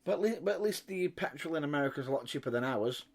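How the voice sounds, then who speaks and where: A man's voice: a little high, lively intonation, fast talker. A British man chatting casually as a podcast co-host, laid-back, with dry remarks. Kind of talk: casual chat.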